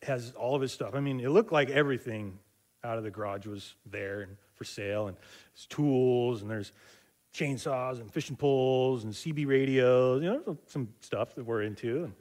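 A middle-aged man delivering a sermon in a relaxed, conversational way. His voice sits at an ordinary middle pitch, and he leans on fillers and restarts as he tells stories. He slips into other people's voices to act out the dialogue. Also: moderate pace. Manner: acts out quoted voices in dialogue. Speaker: pastor.

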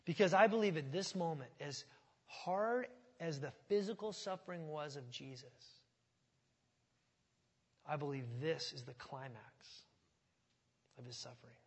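A male pastor preaches in a slightly high voice, moving between easy, conversational asides and loud, emphatic build-ups. His words ring out with a long reverb that fills a large church sanctuary. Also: measured pace, pauses often, husky. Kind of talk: sermon.

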